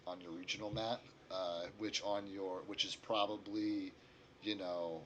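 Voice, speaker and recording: A man running a tabletop game as game master, with a bright, forceful voice. He rambles a little and corrects himself mid-thought. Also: deep voice, a little hiss or hum.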